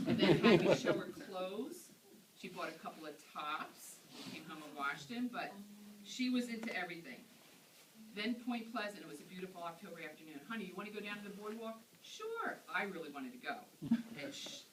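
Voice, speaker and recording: A woman delivering a funeral eulogy, telling stories in a conversational way. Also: on the low side. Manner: anecdotal storytelling, conversational. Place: funeral service hall. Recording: echoey room, far from mic, noisy.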